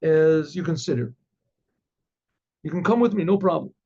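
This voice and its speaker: A hearty, offhand wagon driver, a strong and easygoing man, played by a storyteller. His voice sits a bit high and sounds raspy. It comes through a dull recording. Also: normal speed, warm tone.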